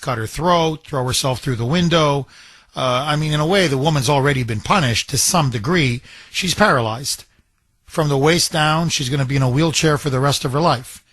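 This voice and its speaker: A talk radio host with a husky, slightly high voice, recorded close and dry. He argues his points emphatically and doubles back on himself mid-thought, with the pointed manner of call-in commentary. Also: a bit bright, no echo. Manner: emphatic, opinionated, digressive.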